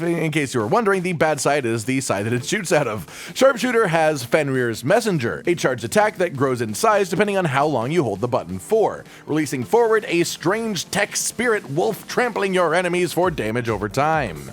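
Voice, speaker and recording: A man's voice: on the high side, big pitch swings, moderate pace, hardly any pauses, faint music behind. A man narrating a game guide voice-over in a casual, jokey way, with swearing asides.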